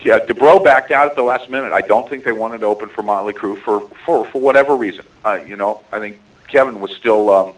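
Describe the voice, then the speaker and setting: Give me a low-voiced man talking casually, halting and full of pauses, his voice a little distant from the mic. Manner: hesitant, halting. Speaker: guest drummer. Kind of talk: casual conversation.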